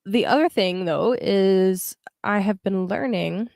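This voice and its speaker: A woman's voice: medium pitch, slow, vocal fry, darkish tone, no echo, clean studio sound. A young woman hosting a casual astrology livestream, chatting with viewers and explaining a chart with plenty of fillers. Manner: chatty, greets live viewers, frequent fillers. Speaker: astrologer and tarot livestream host.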